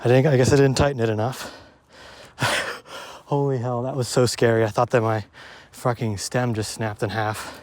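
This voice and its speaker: A man's voice: mid-range voice, flat delivery, normal speed, a little mellow. Breathless young man riding forest trails. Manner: breathless, swearing, self-deprecating commentary. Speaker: mountain bike vlogger. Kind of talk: casual narration while riding.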